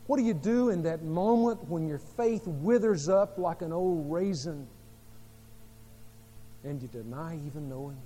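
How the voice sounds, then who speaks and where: Pastor, male, high voice, dramatic storyteller, long hall reverb. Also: animated, a little slow, a little hiss or hum. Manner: dramatic storytelling with sharp swings in volume. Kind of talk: sermon.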